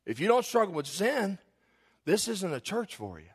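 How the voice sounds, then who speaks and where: Higher-pitched man preaching a sermon. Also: very animated, normal speed, slightly rough. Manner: confessional, humorous storytelling to a congregation. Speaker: pastor. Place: church.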